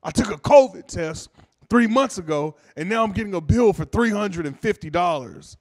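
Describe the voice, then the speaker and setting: A comedian voicing an angry male caller who shouts about a medical bill. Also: high voice, lively intonation, normal speed, dry recording, studio quality, pitched above the performer's own voice. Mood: furious. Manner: loud, furious shouting.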